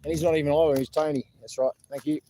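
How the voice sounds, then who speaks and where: A man's voice: fairly high pitch, flat delivery, rapid-fire, warm tone, a little hiss or hum. A middle-aged Australian man casually chatting while filming outdoors at a protest camp, jovial and laughing often.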